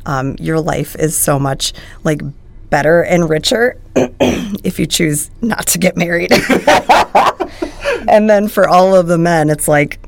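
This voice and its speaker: A woman's voice: on the low side, expressive, slow, vocal fry. A woman co-hosting a podcast, chatting casually in a playful, jokey, rambling way. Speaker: podcast co-host. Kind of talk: casual chat.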